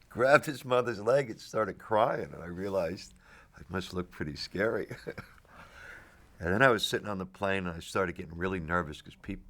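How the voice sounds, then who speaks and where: A man's voice: deep voice, fairly bright tone. A middle-aged man telling rambling stories in a casual interview. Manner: rambling storyteller with restarts and laughs. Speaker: actor, interviewee.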